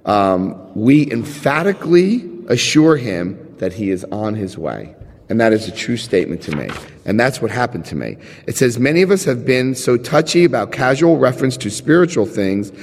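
A man sharing his story and reading aloud at a recovery meeting, retelling conversations with lively emphasis. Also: fairly low pitch. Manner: animated, retells dialogue with emphasis. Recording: long reverb in a hall.

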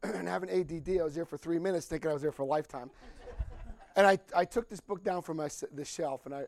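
Older man, high voice with a gravelly edge, animated storyteller, acts out the other voices. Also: dry recording. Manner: animated, acts out quoted dialogue, laughs while telling. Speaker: speaker at a recovery meeting. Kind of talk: storytelling talk.

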